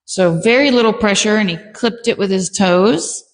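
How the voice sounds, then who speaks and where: A woman dog trainer calmly and patiently explaining her training steps as she works a dog. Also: normal speed, echoey room, long reverb tail. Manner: calm, patient explaining, bursts of high praise.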